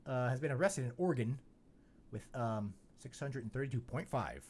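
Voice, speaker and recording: A man's voice: medium pitch, animated, moderate pace, darkish tone, a little hiss or hum. A man hosting a podcast in casual chat, rambling and joking with lots of "you know" fillers. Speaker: podcast host.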